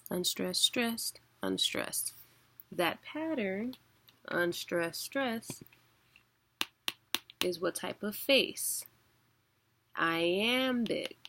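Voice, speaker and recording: A woman teaching a casual online lesson, explaining patiently with filler words and occasional chuckles. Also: medium pitch. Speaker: poetry teacher.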